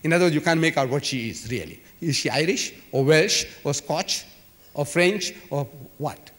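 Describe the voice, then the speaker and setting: A South African man delivers an emphatic, dramatic public lecture to a live audience in a large civic hall, leaning heavily on repetition and rhetorical flourishes. His voice is on the high side, expressive and fairly bright, at a moderate pace. The hall recording is echoey.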